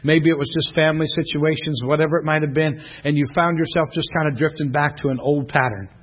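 Middle-aged pastor guy teaching a church class, high husky voice, lively storytelling w lots of laughs. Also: fast talker. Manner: animated storytelling, often laughing. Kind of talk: preaching to a class. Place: church classroom, streamed online.

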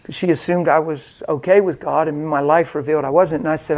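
This preacher, a man with a high voice, recounts something from his own life in a sermon at a normal speed. Lively and self-mocking, he acts out each line he quotes.

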